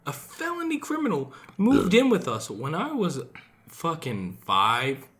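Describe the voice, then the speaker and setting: A young man with a Utah accent co-hosting a podcast, telling stories in a profane, animated way. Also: fairly high pitch, unhurried, a little hiss or hum. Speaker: podcast co-host. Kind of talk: casual chat.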